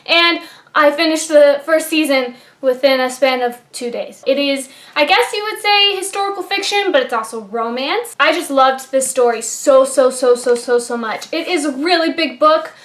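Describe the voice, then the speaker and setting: A woman's voice: high voice, moderate pace, fairly bright tone, reverberant. A woman giving a casual, enthusiastic book and TV review, gushing about what she loved.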